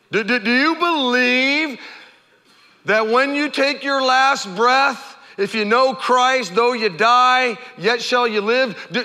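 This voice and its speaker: A male pastor preaching an animated sermon, stammering over repeated words and pausing for effect. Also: extremely high pitch. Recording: long hall reverb.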